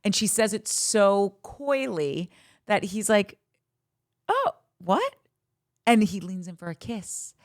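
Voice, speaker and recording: A woman's voice: mid-range voice, unhurried, no room sound, studio quality. A woman in her thirties hosting a podcast in casual chat, candid, bawdy and gushing as she talks. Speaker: podcast host.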